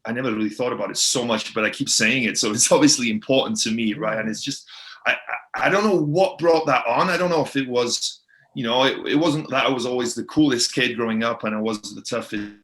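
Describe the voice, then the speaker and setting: A British man answers interview questions thoughtfully, pausing and repeating words while he gathers his thoughts. His voice sits at a middling pitch for a man. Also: a bit bright. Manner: reflective, hesitant repetitions. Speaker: guest.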